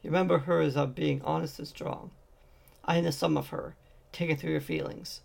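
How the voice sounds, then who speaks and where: A man voicing a gentle young woman conjured from a grieving wizard's memories, calm and knowing. The voice stays gravelly and husky, a little high for a man, as in a storybook. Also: fairly quick.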